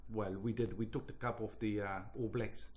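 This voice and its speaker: A man's voice: on the low side, steady tone, normal speed, a little mellow, slight background noise. Playful man with a New Zealand accent. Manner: playful, rambling. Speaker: singer and comedian. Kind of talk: joking chat.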